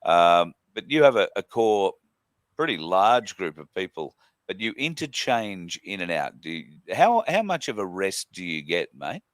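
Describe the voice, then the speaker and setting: Very deep-voiced interviewer. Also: male voice, big pitch swings, dry recording. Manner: friendly, halting questions with fillers. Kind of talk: casual interview.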